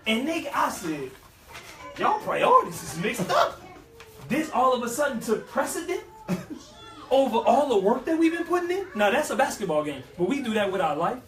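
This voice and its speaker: High-voiced New man giving a motivational talk. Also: fairly quick, faint music behind. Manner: animated, folksy, with vernacular asides and repeats. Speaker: speaker at a youth life-skills session. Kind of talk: motivational talk with preaching flavor. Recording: echoey room, mic at a distance.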